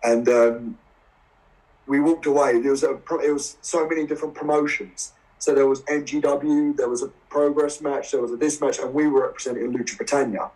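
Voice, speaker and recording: A man in his twenties with an Essex accent, telling stories as a guest in a casual interview, animated and laughing often. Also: medium pitch, a little fast. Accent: English, Essex. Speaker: guest wrestler. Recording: voice a bit far from the mic.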